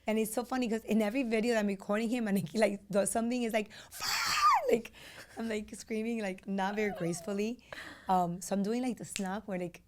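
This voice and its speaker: A woman's voice: mid-range voice, fast, a little hiss or hum. A woman in her thirties from Latin America co-hosts a casual podcast chat. She tells stories animatedly, leaning on fillers and acting out quoted lines. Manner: animated storytelling, many fillers, acts out voices. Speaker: podcast co-host.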